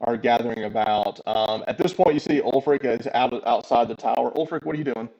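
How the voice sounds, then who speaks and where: A man's voice: mid-range voice, fairly quick, darkish tone, rough recording. A man narrating a tabletop game as game master, with many ums and uhs. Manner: hesitant, filler-heavy narration.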